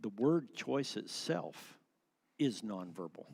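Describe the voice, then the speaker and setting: A man's voice: on the low side, lively intonation, takes it slowly, creaky, a little mellow. A man teaching a church class, asking questions and shifting his word stress for effect. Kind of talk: interactive church class lecture.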